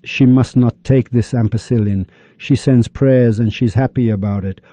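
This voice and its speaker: A man's voice: mid-range voice, steady tone, normal speed, warm tone, no room sound, natural voice. A man doing an exasperated doctor.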